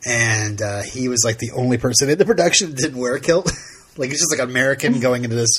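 This man's medium-pitched voice is slightly rough and moves at a quick pace. Co-hosting a podcast, he chats loosely and rambles, stopping and restarting and using lots of fillers.

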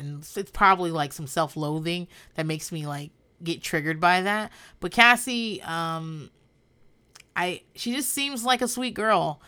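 A woman's voice: lowish voice, unhurried, sharp tone. A woman hosting a casual podcast recap, talking bluntly with lots of swearing and laughter. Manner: blunt and profane, with frequent laughter. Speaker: podcast host. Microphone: podcast microphone.

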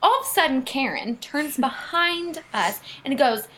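A young woman co-hosting a podcast, telling a story in casual chat, animated and swearing freely. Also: high-pitched, a little slow, hardly any pauses. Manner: animated, swearing, acts out quotes. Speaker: podcast co-host.

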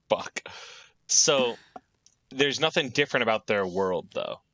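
A game master speaking slowly in a bright, animated voice, playful and blunt in podcast banter. The recording is dry and close. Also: medium pitch, no room sound. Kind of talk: actual-play podcast chat.

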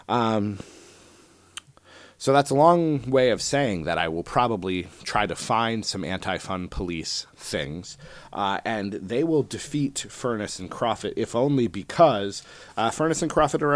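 A man's voice: lowish voice, no echo. A man hosting his own podcast, chatting casually and rambling with lots of fillers and restarts. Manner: rambling, self-deprecating, many fillers. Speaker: podcast host. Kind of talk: casual solo podcast chat.

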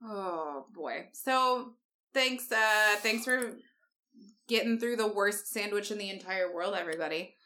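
A woman's voice: medium pitch, a little slow, bright, forceful tone. A young woman co-hosting a podcast, retelling a book plot in sarcastic, swear-heavy casual chat. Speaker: podcast co-host.

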